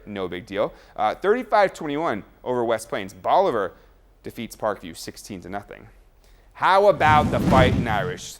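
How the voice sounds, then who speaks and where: A man anchoring a sports show, reading high school football highlights with energetic play-by-play and joking asides.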